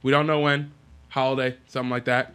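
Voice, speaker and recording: A man co-hosting a podcast, chatting casually and excitedly about video games, rambling with lots of fillers. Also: medium pitch, fast talker, clear, resonant tone. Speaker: podcast co-host.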